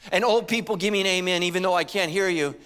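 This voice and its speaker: Casting: middle-aged male pastor, high voice, animated storytelling sermon. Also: quick pace, clear, resonant tone. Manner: animated storytelling with acted quotes and humor.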